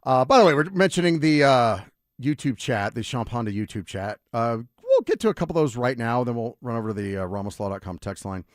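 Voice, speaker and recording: A middle-aged man holds the mic on a sports talk show. His voice swoops up and down as he rambles through an animated story. The studio sound is close and dry, with no room echo. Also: mid-range voice, brisk. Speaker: sports radio host. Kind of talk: casual radio talk and storytelling. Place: radio studio.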